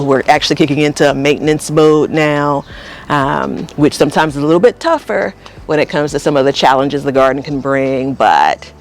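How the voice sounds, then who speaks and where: A man's voice: medium pitch, a little hiss or hum. A man hosting a casual walkthrough of his vegetable garden, talking in a long-winded, rambling way while he tours it. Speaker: garden vlogger host. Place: outdoor home vegetable garden. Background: faint outdoor ambience, passing plane.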